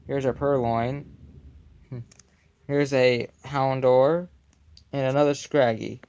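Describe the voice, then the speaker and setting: A young man walks through his card collection in a loose, joking way, tossing in puns and quiet mumbled asides. He talks slowly and takes his time, and his voice has a gravelly, fry-laced edge. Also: mid-range voice, fairly even intonation, highs cut off. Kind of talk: casual off-camera commentary.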